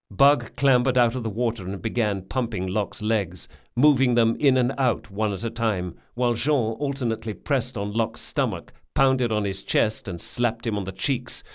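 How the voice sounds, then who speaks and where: A man reading a fantasy audiobook in steady, measured scripted narration. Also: on the low side.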